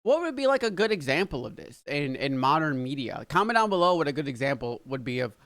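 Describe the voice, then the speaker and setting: An American man hosting a reaction video, casually chatting in an excitable, rambling way with plenty of swearing. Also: on the high side, quick pace, no room sound, studio quality. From United States.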